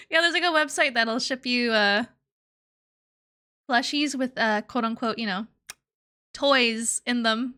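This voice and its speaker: A woman's voice: a little high, slow pace, pauses often, bright, forceful tone. A young woman streaming live, chatting casually and playfully with her chat, giggling and slipping into cutesy baby talk. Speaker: VTuber streamer.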